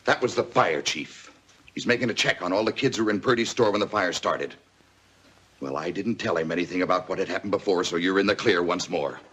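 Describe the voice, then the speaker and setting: A man's voice: low-pitched, brisk, fairly bright tone, husky. An actor playing a stern working father who scolds his daughter, in 1950s TV drama style. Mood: angry. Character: stern hardworking father, fed up.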